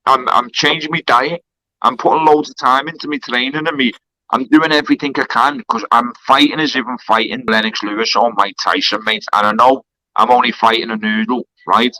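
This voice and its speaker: A man's voice: medium pitch, fairly even intonation, fairly quick, pushed and bright, dry recording, low-quality recording. A man, a fighter on a charity card, trash-talking heatedly on a live stream from a kebab shop. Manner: aggressive, swearing trash talk.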